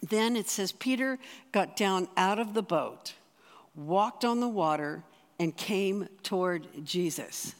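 An earnest speaker preaching in a relaxed, conversational way, stumbling and restarting phrases as ideas come. The voice sits in a middling pitch. A long reverb trails each phrase, as in a large church. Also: slow. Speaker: spiritual director giving a talk. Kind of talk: sermon.

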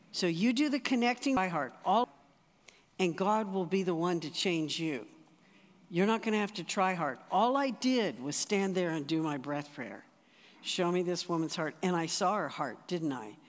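A speaker giving a sermon through a personal story, talking conversationally with frequent restarts. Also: mid-range voice. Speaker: speaker at a church or retreat. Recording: reverberant hall.

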